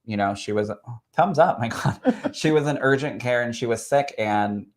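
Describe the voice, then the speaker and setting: A man, a spirit medium, sharing a personal story in an expressive, chatty way that swells with emotion. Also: medium pitch, normal speed. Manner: expressive and chatty, full of "like" and "literally".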